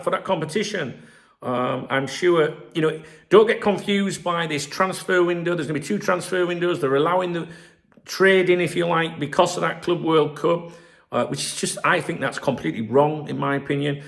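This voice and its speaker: A middle-aged man with a gravelly, slightly raised voice runs through the football news on his own channel. He talks in a loose, rambling way, straight to his viewers, and drops in a swear word here and there. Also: a little high, brisk. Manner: rambling, chatty, swears freely. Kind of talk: casual solo commentary to camera.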